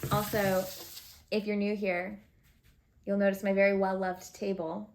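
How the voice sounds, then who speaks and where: A woman's voice: medium pitch, flat delivery, a little slow, long pauses, darkish tone, a little hiss or hum. A woman giving a casual, chatty tarot reading to her viewers, thinking aloud with fillers as she pulls cards. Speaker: tarot reader.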